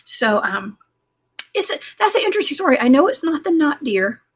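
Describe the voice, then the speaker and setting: A woman's voice: high-pitched, big pitch swings, brisk. A woman guest telling a rambling paranormal story in a casual interview, full of fillers and restarts. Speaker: guest, cryptid investigator.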